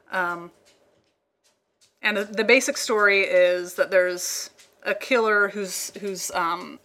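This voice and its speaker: A woman's voice: lowish voice, a bit bright. Chatty rambling American woman. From United States. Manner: chatty, rambling, lots of fillers. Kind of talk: casual chat.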